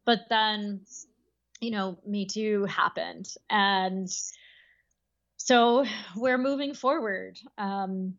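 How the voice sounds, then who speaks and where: Woman guest, reflective and halting, mid pitch, slightly dull lo-fi recording. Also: gravelly. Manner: thoughtful, halting, many fillers and restarts. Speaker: guest author. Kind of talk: casual podcast conversation.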